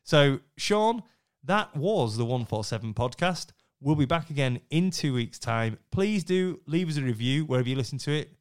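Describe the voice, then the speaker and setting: A middle-aged man, co-hosting a casual podcast, chatty and quick to laugh. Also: mid-range voice, lively intonation, clear, resonant tone. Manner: chatty, laughs easily, upbeat sign-off. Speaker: podcast co-host.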